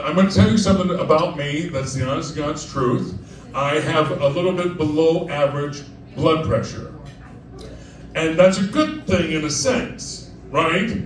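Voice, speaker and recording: A man performing live comic storytelling at a club, chatty and digressive, often laughing as he talks. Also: high voice. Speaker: cabaret performer. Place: club stage with diners. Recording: echoey live room, distant mic, crowd noise.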